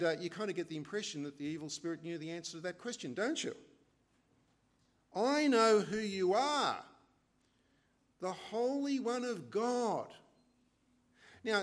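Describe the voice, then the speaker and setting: Guy pastor preaching, slightly high voice, casual and chatty, lots of uhs. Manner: conversational, rhetorical questions, frequent fillers. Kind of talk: expository sermon.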